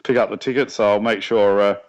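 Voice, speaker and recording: Man, Australian accent, co-host, low voice, easygoing, jokey, muffled lo-fi audio. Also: fairly even intonation, fairly quick. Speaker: podcast co-host. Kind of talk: casual sports chat. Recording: dull lo-fi recording.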